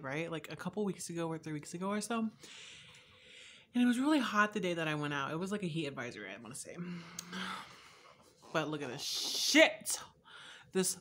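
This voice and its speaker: Young woman, casual vlogger. Bright, slightly low voice, candid and chatty with bursts of loud laughter. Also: lively intonation, normal speed. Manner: chatty and candid, swearing, swinging from soft asides to loud laughing outbursts. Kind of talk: casual food taste-test vlog.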